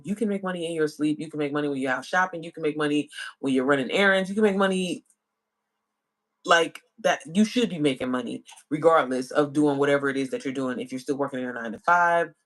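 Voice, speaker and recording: A woman's voice: deep voice, fairly quick, fairly bright tone. Chatty woman coaching on a livestream. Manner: chatty, addresses viewers as y'all and girl. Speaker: online business coach. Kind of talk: casual livestream chat.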